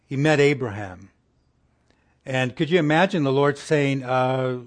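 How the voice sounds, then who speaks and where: Preaching at a measured pace in a medium-pitched voice, a man keeps his sermon folksy and conversational. He poses rhetorical questions to the listeners and drops into a hushed softness when the passages turn tender.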